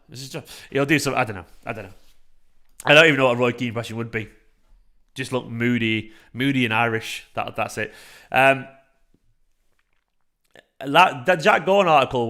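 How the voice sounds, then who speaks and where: Excitable, swearing man in his thirties. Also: mid-range voice, fairly quick. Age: 30s. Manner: excitable, swearing, laughing, reacting to chat. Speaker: fan channel livestream host. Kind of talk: casual livestream chat.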